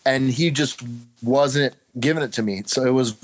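A man's voice: mid-range voice, normal speed, rough recording. A man who is a former wrestler, co-hosting a casual podcast and rambling through his memories with lots of "like". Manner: rambling, filler-heavy. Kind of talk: casual chat.

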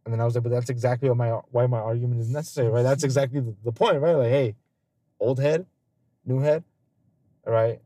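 A man's voice: mid-range voice, fairly even intonation, a little fast, warm tone, no room sound. A man hosting a casual podcast chat, telling stories loosely with lots of swearing and frequent laughter. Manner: loose, profane storytelling; laughs often. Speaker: podcast host.

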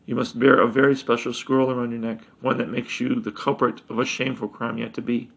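A man voicing a stern, gloating village mayor who hands down harsh punishments, with a gravelly voice. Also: mid-range voice, flat delivery, a little fast, fairly bright tone. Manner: stern, commanding pronouncements. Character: boastful cruel village mayor, male, older.

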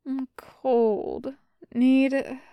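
Dazed wounded general, woman reader doing him, faint sleepy murmur, slow, dry close sound. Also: sits high, fairly even intonation, dark tone, clear, resonant tone, no room sound, pitched above the performer's own voice, exaggerated voice. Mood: drowsy murmur. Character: injured delirious male Jedi general, murmuring.

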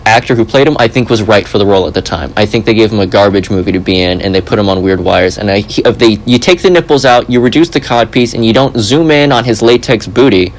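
A man hosting a podcast in casual chat, rambling and joking with animated asides. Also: fairly low pitch, fast talker, hardly any pauses, slight background noise, rough recording. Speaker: podcast host.

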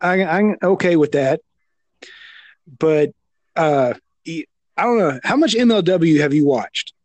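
High-voiced Southern man chatting. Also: unhurried, no echo. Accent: Southern American. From American South. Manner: animated, stammering restarts, loud impressions. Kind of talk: casual wrestling chat.

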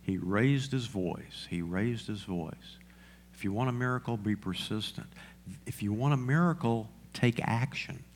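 A man's voice: fairly low pitch, measured pace, a little hiss or hum. A male pastor preaching a sermon, asking the congregation questions and repeating lines for emphasis.

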